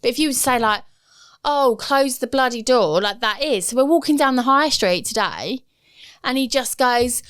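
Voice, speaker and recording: A woman's voice: fairly high pitch, animated, normal speed, fairly bright tone, smooth, dry recording, clean studio sound. A woman, co-hosting a podcast in casual chat and telling stories about her kids. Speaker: podcast co-host.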